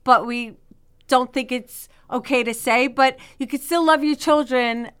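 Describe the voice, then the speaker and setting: A brash Brooklyn woman in her forties, joking and mocking herself in easy chat. Her voice sits a touch high and sounds smooth and clear. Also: a little slow, fairly bright tone. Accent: Brooklyn, New York. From New York. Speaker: comedian guest. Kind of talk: casual chat.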